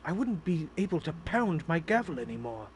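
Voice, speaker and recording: A man voicing a fussy, easily flustered old male judge in a formal courtroom manner, with loud game music behind. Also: on the high side, sing-song, noisy background. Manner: slow, formal courtroom reading.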